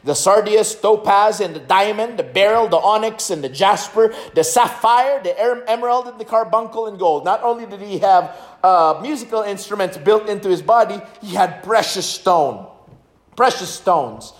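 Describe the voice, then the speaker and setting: A man's voice: high voice, expressive, normal speed, roomy sound. A man preaching a sermon on music, stressing his points and singing short hymn lines to show rhythm. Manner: emphatic, sings hymn lines to demonstrate rhythm.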